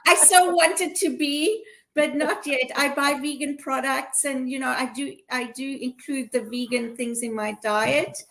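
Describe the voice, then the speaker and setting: A woman's voice: sits high, fairly even intonation, measured pace, a bit bright. A woman hosting a casual video-call chat, speaking in an affirming, encouraging way. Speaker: host.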